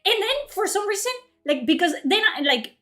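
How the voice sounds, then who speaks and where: A woman's voice: very high voice, a little fast. A woman in her late twenties telling a story as a heated, profane rant, acting out both sides of an argument. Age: late 20s. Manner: heated, profane, animated retelling. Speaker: streamer.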